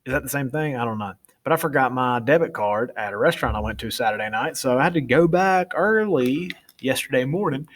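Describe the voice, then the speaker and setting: A man's voice: medium pitch, fairly quick, hardly any pauses. A young adult man teaching a class in a chatty, informal way, often stopping to correct himself. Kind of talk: casual classroom lecture.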